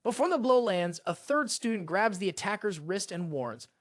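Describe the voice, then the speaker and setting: A narrator reading a fantasy comic recap as scripted storytelling in a steady manner, recorded close on a voice-over mic. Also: medium pitch, fairly quick, few pauses, no room sound.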